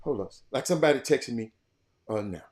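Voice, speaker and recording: An older man giving an impassioned monologue as a show host, repeating himself and swinging between loud outbursts and quiet, reflective stretches. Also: mid-range voice, animated, brisk. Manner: fiery, repetitive, swinging from shouting to quiet.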